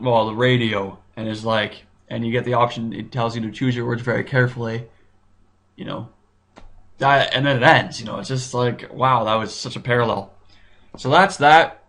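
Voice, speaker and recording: Man, mid-pitched voice, casual show-review commentary, excitable, rambling, thinks out loud, frequent restarts. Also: moderate pace. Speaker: YouTube TV reviewer.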